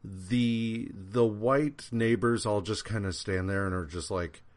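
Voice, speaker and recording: A man's voice: fairly low pitch, takes it slowly. A man co-hosting a podcast, rambling through a comic book recap in casual, profane chat with lots of fillers. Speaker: podcast co-host.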